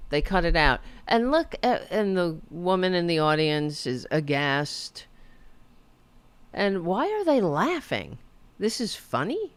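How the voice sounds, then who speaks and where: A woman hosting her own show rants with indignant sarcasm and plenty of swearing. Her fairly low voice swings widely in pitch and sounds smooth, recorded dry with no room around it. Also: sing-song, takes it slowly, dry recording. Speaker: podcast host. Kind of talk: political commentary rant.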